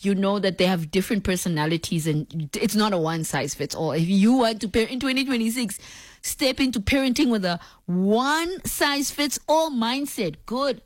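A woman's voice: mid-range voice, lively intonation, moderate pace, no room sound. A woman hosting a casual talk show. She reads listener messages, laughs often and acts out scenes with her family. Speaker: radio talk show host. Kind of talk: casual on-air chat, reading listener messages.

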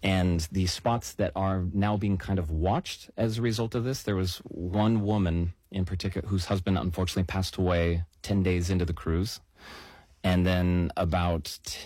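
A man explaining a news story on a talk show in a measured way, stressing key words. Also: low-pitched, a little mellow, no room sound.

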